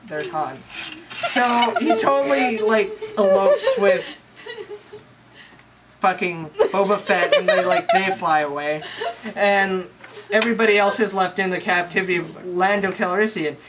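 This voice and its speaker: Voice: mid-range voice, animated, a little slow. Rambling, slangy young comic storyteller. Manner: slangy, profane, rambling with lots of "like". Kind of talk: casual comic movie recap. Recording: noisy home recording.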